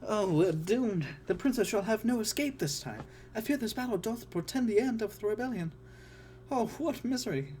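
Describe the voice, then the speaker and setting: A man's voice: high voice, animated, normal speed, darkish tone, a little hiss or hum, pitched above the performer's own voice. A man voicing a fussy, anxious male protocol droid. He frets and recites in old-fashioned verse. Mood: despairing.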